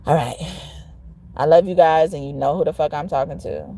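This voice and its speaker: Lady tarot reader venting to her viewers, low voice, blunt and cussing. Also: a little fast, dark tone, a little hiss or hum. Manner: emphatic, blunt, cusses a lot. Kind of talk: casual tarot vlog talk.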